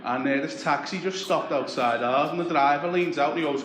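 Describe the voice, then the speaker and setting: A young man from Liverpool with a Liverpool accent, doing a deadpan, sweary stand-up comedy set. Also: fairly high pitch, fairly quick, few pauses. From Liverpool, England. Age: young adult. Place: comedy club stage. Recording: echoey club with crowd noise. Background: audience laughter.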